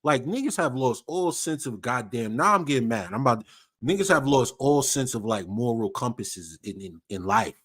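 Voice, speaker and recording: A man's voice: mid-range voice, normal speed, breathy edge. Profane ranting man on a livestream. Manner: profane, animated, repetitive slang-heavy ranting. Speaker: livestream host. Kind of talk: casual ranting commentary.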